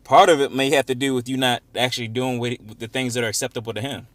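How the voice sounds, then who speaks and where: A man leading an informal Bible study, reading verses slowly and with emphasis, then explaining them in casual, conversational talk. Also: mid-range voice, fairly even intonation, fairly bright tone, dry recording. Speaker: Bible teacher.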